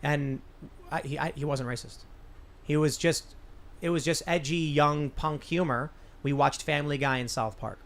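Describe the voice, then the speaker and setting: A man's voice: on the high side, fairly even intonation, normal speed. Man hosting a rambling talk show. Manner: rambling anecdotes with frequent restarts. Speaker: show host. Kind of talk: casual panel discussion. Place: podcast studio.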